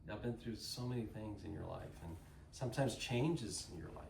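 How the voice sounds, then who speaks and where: A man from Texas in his fifties with an easy Texan drawl tells stories in an animated, folksy way. He speaks from some distance to the mic in a roomy, echoing space. A faint hiss sits behind him. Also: lowish voice, normal speed, vocal fry. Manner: animated, folksy, sprinkles y'all. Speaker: guest speaker. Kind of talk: casual storytelling talk.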